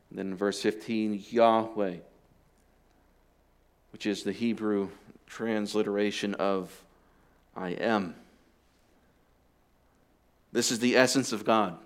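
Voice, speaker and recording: A pastor preaching a sermon, explaining deliberately and dropping in casual asides to the congregation. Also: male voice, fairly low pitch, fairly even intonation, clear, resonant tone. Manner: deliberate teaching with conversational asides.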